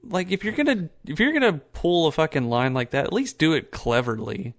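A man's voice: fairly high pitch, brisk. A man co-hosting a podcast, chatting casually with lots of swearing and filler words. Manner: swearing, animated, hesitant with fillers. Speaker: podcast co-host. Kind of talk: casual chat.

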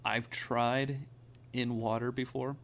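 A man co-hosting a casual chat, laid-back and sweary, quick to laugh. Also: medium pitch, little pitch movement, creaky.

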